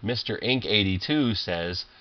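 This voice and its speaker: A man's voice: lowish voice, expressive, measured pace, dull audio. A man commentating his own online poker games, irritable and swearing, rambling with lots of fillers and restarts. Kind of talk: profane live game commentary.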